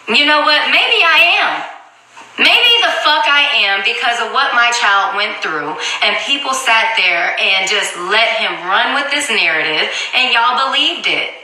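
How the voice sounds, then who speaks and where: A woman's voice: mid-range voice, bright, forceful tone. Blunt, profane woman in an echoey room. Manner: blunt and profane, rhetorical questions. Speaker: interviewee. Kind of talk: heated personal account.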